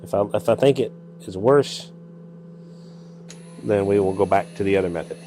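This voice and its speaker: In his workshop, a Southern US man casually narrates each step to himself as he works. His voice is lowish and his pace moderate, with a noisy background.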